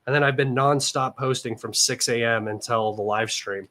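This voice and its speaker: A man's voice: medium pitch, steady tone, moderate pace, hardly any pauses, a bit bright. A young American man hosting a casual livestream from his room, rambling and chatty with lots of fillers, slightly nasal from allergies. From United States. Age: young adult. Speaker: livestream host.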